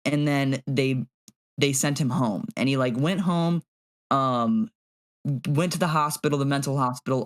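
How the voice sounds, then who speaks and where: A young man co-hosting a podcast, telling a story in an animated, casual way with plenty of "like" and swearing. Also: medium pitch. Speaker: podcast co-host. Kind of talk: casual chat.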